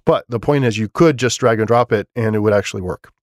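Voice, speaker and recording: A man's voice: on the low side, quick pace, dry recording, clean studio sound. A man hosting a solo podcast, talking casually and enthusiastically with lots of fillers and restarts. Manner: enthusiastic about his setup. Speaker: podcast host.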